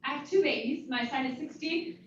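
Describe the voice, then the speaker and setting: A woman in her forties from South Africa, hosting a talk and telling a personal story to a live audience, lively and playful. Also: sits high, a little fast, background noise. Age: 40s. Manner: animated, playful, acts out voices of others. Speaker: host. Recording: very echoey hall from far off, dull sound.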